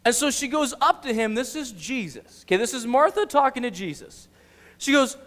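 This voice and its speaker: A man's voice: high-pitched, a little fast, big-room sound. A man who is a youth ministry director, preaching a casual, chatty sermon in a church and acting out the story. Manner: chatty, animated, full of filler words. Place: church sanctuary.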